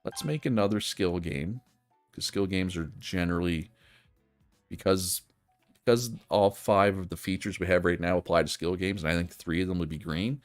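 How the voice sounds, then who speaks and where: Deep-voiced chatty male game streamer. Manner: chatty, thinks aloud, frequent fillers and restarts. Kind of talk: casual gameplay commentary.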